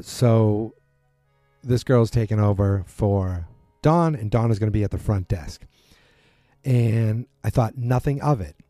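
A man's voice: lowish voice, no room sound, clean studio sound. A man casually recapping a TV episode, rambling and correcting himself as he acts out bits of dialogue. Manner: rambling, self-correcting, animated quotes.

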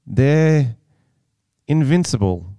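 A man's voice: medium pitch, expressive, slow pace, mellow, clear, resonant tone, dry recording. A young man co-hosting a podcast in casual, crude chat, swearing and laughing often. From Australia. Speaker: podcast co-host.

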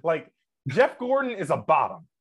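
A man co-hosting a casual racing podcast, rambling with fillers, giggling and now and then bursting into shouts. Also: a little high, huge pitch swings, normal speed, husky. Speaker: podcast co-host. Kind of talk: casual chat.

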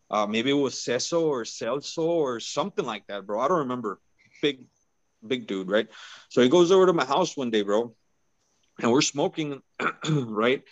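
A man's voice: mid-range voice, no room sound, dull audio. A man as a podcast guest, telling a personal story in a laid-back, casual way and peppering his talk with "bro" and "right?".

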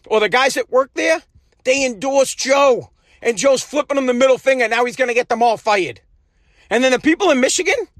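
A very high-pitched man tears through a heated podcast rant, cursing freely as he lurches between outbursts and low grumbling. His voice is recorded bone-dry, with no room sound, in a home basement setup. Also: no room sound. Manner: heated, profane, swinging between shouting and muttering. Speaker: podcast host. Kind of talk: angry political rant.

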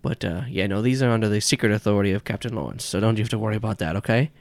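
A man voicing a smooth-talking male con man on a phone call, glib and persuasive. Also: lowish voice, very fast, dry recording, lightly acted.

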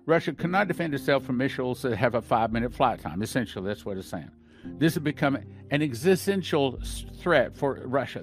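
A man hosting a podcast who reads news items aloud and comments on them with emphatic, repeated points. His voice sits in a middle pitch. Faint music plays behind him. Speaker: podcast host. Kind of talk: reading and commenting on news and scripture.

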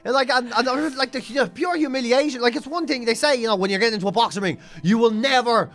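A man, a comedian and podcast host, telling a funny story with lots of swearing and loud re-enacted shouts. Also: extremely high pitch, fast talker. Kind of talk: comic storytelling.

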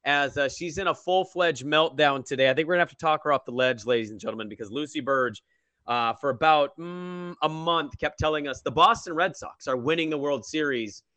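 A young man co-hosts a sports podcast in a crisp, bright voice that is slightly high for a man. He talks with a teasing, energetic swagger. The sound is dry and close. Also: brisk, no echo. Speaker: podcast co-host. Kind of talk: casual sports podcast chat.

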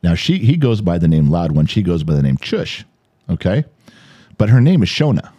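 Animated man with a low, warm voice. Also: moderate pace, no room sound, lo-fi sound. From United States. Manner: animated, jumps high in pitch for quoted lines, swears freely. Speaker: podcast host. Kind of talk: casual storytelling chat. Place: home studio.

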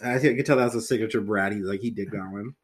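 A man's voice: on the low side, racing. A young man co-hosting a podcast in casual comedic chat, rambling with lots of "like" and free swearing. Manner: animated, rambling, heavy use of "like", swears freely. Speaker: podcast co-host.

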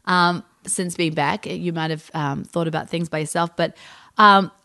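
A woman's voice: fairly low pitch, fairly even intonation, moderate pace, pushed and bright. A woman from New Zealand with a mixed, Americanized New Zealand accent, co-hosting a podcast in reflective casual chat. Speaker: podcast co-host.

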